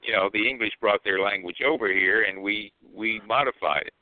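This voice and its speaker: An older man from the American South, co-hosting a casual talk show and telling stories in an unhurried, drawling way. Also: fairly low pitch, no echo. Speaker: co-host. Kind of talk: casual podcast chat. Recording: tinny phone-line audio.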